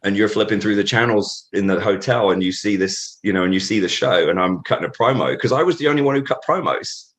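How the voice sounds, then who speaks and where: Guesting on an interview show, a deep-voiced British man spins a long, rambling tale full of fillers, restarts and circling back. He talks quickly with few pauses, and his very low voice carries a slightly bright quality.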